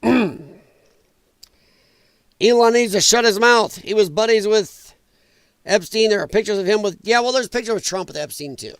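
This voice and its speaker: High-voiced, blunt, ranting male stream host. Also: moderate pace, pauses often, fairly bright tone, dry recording. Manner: chatty with viewers in chat. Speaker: livestream host. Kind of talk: live political commentary.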